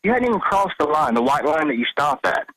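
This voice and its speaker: A man's voice: on the high side, sing-song, brisk, bright, forceful tone, dry recording, rough recording. A man from Georgia calling a talk radio show, complaining indignantly. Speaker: caller.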